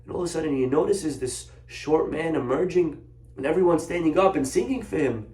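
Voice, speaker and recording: A man, a rabbi, telling a story in a Torah lesson, animated and acting out the characters. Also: on the high side, brisk. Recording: echoey room.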